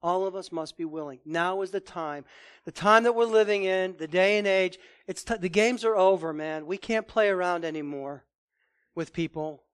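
A man preaching a sermon, forceful and emphatic, often repeating and restarting words. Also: high voice, normal speed, clear, resonant tone. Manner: forceful, rising to emphatic declarations.

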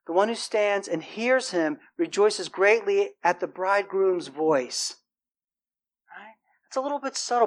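A male preacher delivering a sermon in a loose, conversational way. He keeps checking in with his listeners with "right?" and shifts into an earnest tone when he quotes scripture. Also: high-pitched.

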